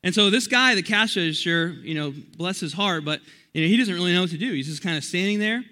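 A young man preaching as a youth pastor at a church youth service. He talks in an energetic, chatty way and often restarts his sentences while he tells stories. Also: sits high, a little fast. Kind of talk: youth sermon with storytelling.

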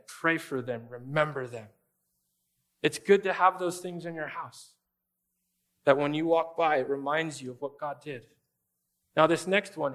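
A man's voice: on the high side, fairly bright tone. A man preaching a sermon as a pastor, conversational and emphatic, often speaking straight to his listeners.

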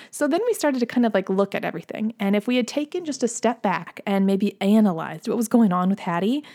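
A woman's voice: medium pitch, a little mellow. A woman in her thirties hosting a podcast as a pediatric sleep consultant, telling a family story in a chatty, effusive way. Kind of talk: casual podcast monologue.

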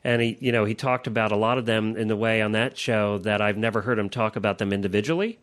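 A man hosting a casual interview, easygoing and quick to laugh, with halting restarts when making a point. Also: lowish voice, fairly bright tone. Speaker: podcast host.

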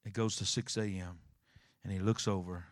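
A male pastor preaching a sermon, telling a story with dramatic swings from hushed to shouting. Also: sits low, moderate pace, no room sound, studio quality. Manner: animated storytelling, acting out scenes, swinging from quiet to shouting.

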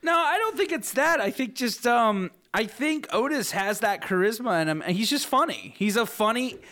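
A man co-hosting a podcast from a studio, joking and mocking in a quick, casual way. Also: very high-pitched, lively intonation, bright, forceful tone. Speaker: podcast co-host. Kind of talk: casual chat. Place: broadcasting school studio.

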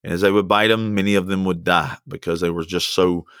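A man preaching a sermon with fervent repetition and sudden swings of pitch. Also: fairly even intonation, a little fast, a bit bright, smooth, no room sound, clean studio sound. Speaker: pastor.

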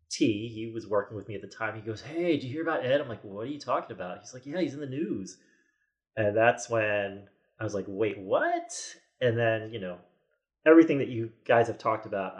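A man's voice: on the low side, highs cut off. A man in his forties, a podcast guest, telling a story in casual chat with many restarts and quoted asides.

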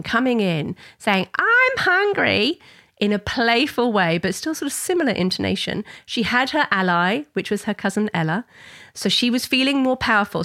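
A middle-aged woman, explaining parenting ideas in a conversational, talking-head style. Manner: warm conversational explaining, acts out child voices in high pitch. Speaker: parenting educator.

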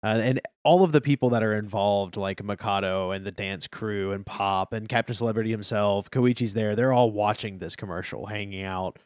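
A man's voice: fairly low pitch, moderate pace, few pauses, darkish tone, no room sound, studio quality. A man co-hosting a podcast, chatting in an easygoing, agreeable way about manga chapters, his sentences trailing off. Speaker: podcast co-host discussing a manga. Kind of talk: casual chat.

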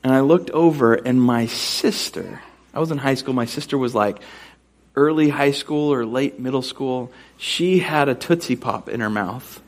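A young adult man preaching a sermon as a pastor, telling a funny personal story with animated, self-mocking delivery before turning to scripture. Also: medium pitch, moderate pace.

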